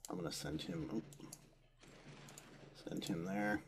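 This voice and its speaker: A young man from the United States talks through a strategy game as he plays it, dry and sarcastic, cursing at the enemy units. His voice sits low, and faint room noise and keyboard clicks run under him. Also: a little slow, creaky. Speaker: gameplay commentator.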